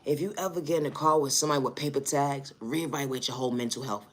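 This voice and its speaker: A woman's voice: deep voice, expressive, quick pace, hardly any pauses, sharp tone. A woman telling a comic story as an exasperated, profane rant, often breaking into laughter. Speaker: vlogger.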